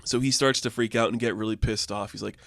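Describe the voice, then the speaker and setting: A man's voice: lowish voice, steady tone, fast, gravelly, fairly bright tone, no echo, studio quality. A young man casually reviewing a comic book, rambling and peppering his talk with filler words.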